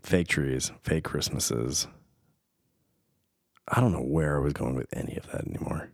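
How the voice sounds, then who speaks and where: Low-voiced dad rambling casually. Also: male voice, normal speed, creaky, dry recording, studio quality. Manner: meandering, self-deprecating, goes off on tangents. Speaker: podcast host, father. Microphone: studio microphone.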